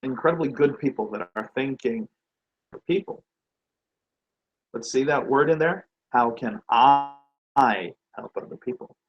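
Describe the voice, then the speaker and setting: A man's voice: medium pitch, unhurried, pauses often, husky, dull audio. A man giving a motivational talk on branding and sales, asking the listener rhetorical questions and acting out quoted reactions. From Nordic.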